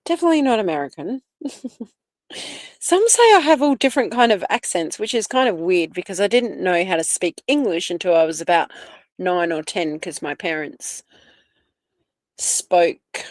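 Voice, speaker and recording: A woman's voice: on the low side, lively intonation, normal speed, dry recording. A woman from Australia with an Australian accent and Italian as her first language, hosting a casual livestream and chatting to viewers. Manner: chatty, greets viewers by name, drifts between topics. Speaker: livestream host. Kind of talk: casual live chat reading comments.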